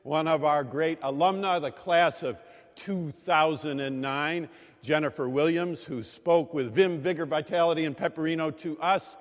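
A man preaching in a large chapel, his fairly high voice carried by long, lingering reverb. He tells his stories with measured pauses and firm emphasis. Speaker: pastor. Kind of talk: sermon.

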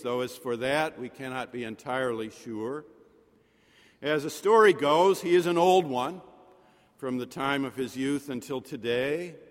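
Man preaching in a reverberant chapel. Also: medium pitch. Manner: rhetorical, with dramatic pauses and soft drops. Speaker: pastor. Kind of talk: sermon.

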